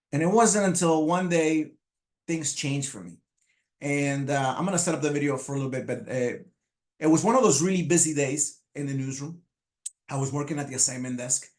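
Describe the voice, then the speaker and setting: Halting man telling his life story. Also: a little high. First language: Spanish. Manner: halting, many restarts and fillers. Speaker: motivational speaker. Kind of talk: personal storytelling speech.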